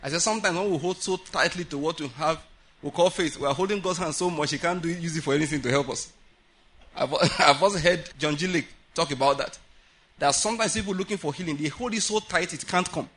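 Bright, husky-voiced man preaching. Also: a little high, quick pace. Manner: animated preaching, mimics voices, laughs often. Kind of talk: sermon.

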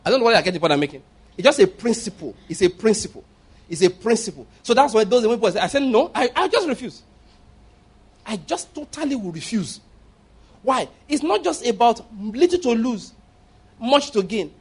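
High-voiced emphatic preacher man. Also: big pitch swings, a little fast, breathy edge. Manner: emphatic, repeats phrases, rhetorical questions. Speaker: pastor. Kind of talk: sermon.

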